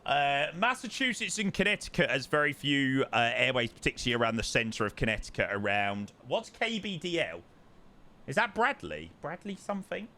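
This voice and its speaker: Lively, bright-voiced male streamer. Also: medium pitch, fairly quick. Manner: chatty, answers chat, repeats words for emphasis. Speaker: livestreamer. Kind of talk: casual live-stream chat while flight simming.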